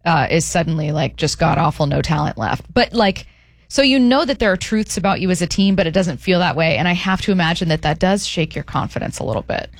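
A woman's voice: fairly low pitch, lively intonation, brisk, no echo. A woman hosting a sports radio show from a studio, talking in a chatty, bubbly way. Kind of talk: casual sports talk. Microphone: studio mic.

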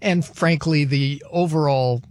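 Measured male sports radio co-host. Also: a little high. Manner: measured, opinionated, brisk when reading scores. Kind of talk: sports radio chat and scores update.

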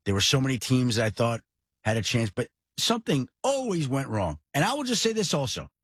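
A middle-aged man with a husky, slightly breathy voice talks sports on a podcast. He is animated and emphatic, and his pitch climbs when he presses a point. The sound is close and dry, with no room around it. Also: a little fast, dry recording. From New York area. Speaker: podcast host. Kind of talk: casual sports talk.

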